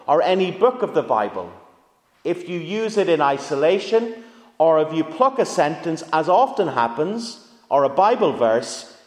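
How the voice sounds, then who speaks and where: A male pastor preaching a sermon in a church, in a conversational way, putting questions to the congregation. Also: a little high. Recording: echoey church hall reverb.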